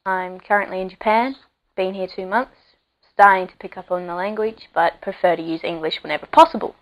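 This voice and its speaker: A woman's voice: medium pitch, fairly even intonation, a little fast, fairly bright tone, low-quality recording. A seventeen-year-old girl with a Western Australian accent, talking loosely about herself with lots of fillers. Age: teens. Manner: chatty, loose, many fillers and likes. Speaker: student speaker. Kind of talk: casual spoken monologue.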